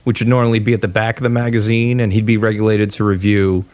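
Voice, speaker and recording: A man's voice: fairly low pitch, level tone, quick pace, darkish tone, no echo. A man co-hosting a casual gaming podcast, chatty and nostalgic, rambling through stories. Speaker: podcast co-host. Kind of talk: casual chat.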